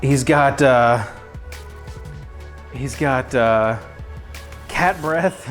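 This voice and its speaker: Medium-pitched and very slow, pausing often over soft background music, a man chats casually while cooking live from his home kitchen. The streamer is joking and chatty, poking fun at himself.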